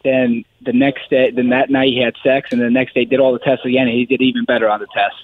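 A man's voice: mid-range voice, little pitch movement, fast talker. A man calling in as a guest fighter, telling stories in a chatty way and laughing as he talks. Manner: chatty storyteller, laughs through his telling. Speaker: phone-in caller. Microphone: phone. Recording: phone line.

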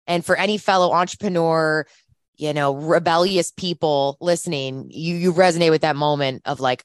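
A woman's voice: sits low, normal speed, no room sound, studio quality. A woman in her thirties, a podcast guest, telling her story in casual chat and acting out the voices she quotes, laughing often.

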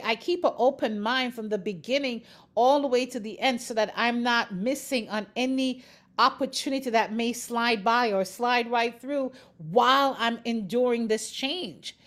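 A woman giving a faith-based motivational talk, speaking straight to the listener, laughing often and repeating phrases for emphasis. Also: a little high. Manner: expressive, laughs often, encouraging.

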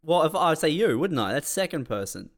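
A man co-hosting a comedy podcast, talking in a dry, deliberate and pedantic way. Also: on the high side, very animated. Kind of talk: casual podcast banter.

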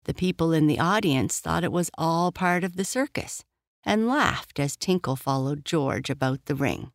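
A gentle storyteller reads a children's bedtime tale in an even, middle-pitched voice. The sound is dry and close to the mic. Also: normal speed, vocal fry, no echo. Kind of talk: scripted storybook narration.

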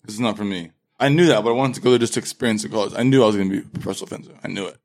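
A man's voice: fairly low pitch, racing, darkish tone. A young man from London with a London accent, telling his story as an interview guest and animatedly acting out quotes. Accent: London English. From London, England. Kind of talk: casual interview chat.

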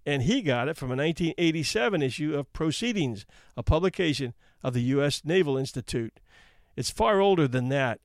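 A man's voice: on the high side, dry recording, studio quality. Wry man reading stories aloud. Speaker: storyteller reading anecdotes. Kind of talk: casual read-aloud narration.

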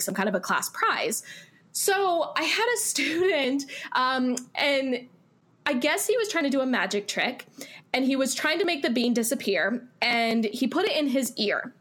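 A woman's voice: a little high, expressive, normal speed, fairly bright tone. A young adult woman, an elementary school teacher, telling classroom stories in a casual interview, chatty with lots of fillers and frequent laughter.

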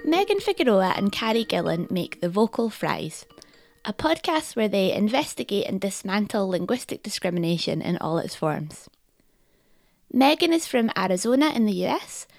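A woman with a Scottish accent hosting a podcast in scripted narration, lively, wry and articulate. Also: medium pitch, normal speed, creaky, dry recording. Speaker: podcast host.

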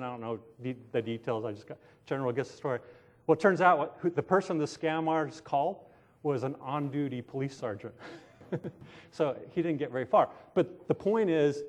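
A man's voice: medium pitch, brisk, darkish tone. Conversational man preaching a sermon. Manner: casual, self-described sarcastic, asks the listeners questions. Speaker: pastor.

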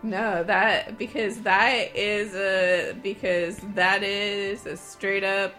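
A woman's voice: medium pitch, little pitch movement, takes it slowly, pushed and bright, faint music behind. A young woman co-hosting a casual radio show, giggly and rambling, often trailing off mid-sentence.

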